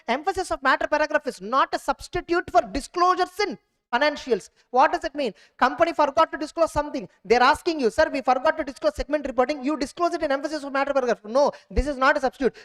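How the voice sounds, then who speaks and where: Woman teaching a quick exam revision class, talks fast, keeps checking everyone gets it. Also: sits high. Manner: drilling, keeps checking understanding with quick questions.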